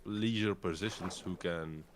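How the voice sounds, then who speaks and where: Low-voiced european guy, blunt, kinda wry, bit of hiss behind. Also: measured pace. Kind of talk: casual chat.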